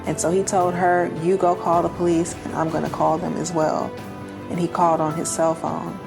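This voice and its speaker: A woman's voice: fairly low pitch, little pitch movement, moderate pace, gravelly, over music. A woman, a guest in an interview, earnestly telling her life story and acting out the voices of the people in it. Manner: earnest, acts out quoted dialogue.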